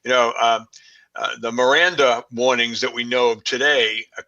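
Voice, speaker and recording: A man's voice: mid-range voice, steady tone, normal speed, bright, forceful tone, muffled recording. A man with a Boston accent, a forensics expert guest, talking casually with many fillers and restarts. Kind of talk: casual conversation.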